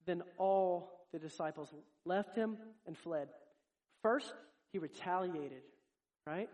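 A man with a notably high voice delivers a sermon. He is earnest and direct, and he addresses his congregation as if talking with each of them. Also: slow pace, darkish tone. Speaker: preacher.

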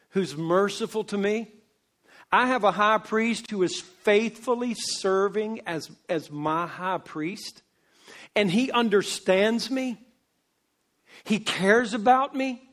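A male pastor preaching a sermon, swinging between loud emphasis and hushed asides. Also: sits high, expressive. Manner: slow, drawn-out delivery.

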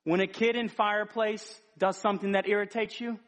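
A man delivers a sermon in a high, light voice. He speaks earnestly and conversationally, often stopping to restart a phrase before pressing his point. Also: flat delivery, fairly quick, fairly bright tone. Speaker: preacher.

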